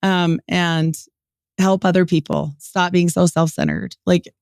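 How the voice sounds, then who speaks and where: A woman in her forties from Utah, a podcast guest telling her story in a lively way, acting out what people said and laughing often. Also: fairly low pitch, measured pace, clean tone, dry recording, clean studio sound. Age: 40s. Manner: animated, quotes people in lively voices, many "like" fillers. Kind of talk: storytelling interview.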